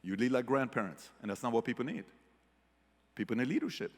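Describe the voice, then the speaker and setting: Animated man giving a keynote in a hall. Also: mid-range voice, fast. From Middle East. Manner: animated storyteller, shifts from hushed to shouting. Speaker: keynote speaker. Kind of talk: motivational keynote speech. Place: large hall with audience. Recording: long hall reverb.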